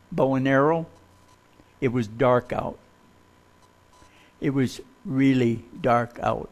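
A man with a medium-pitched voice preaches a sermon built on folksy, humorous stories. At the suspenseful moments he drops to a hush.

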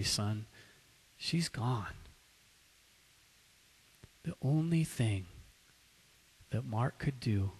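A man preaching, telling a dramatic story in a slow, hushed delivery that rises into loud outbursts for quoted lines. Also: mid-range voice, rough recording. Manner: slow, hushed narration that swells into shouted quotes.

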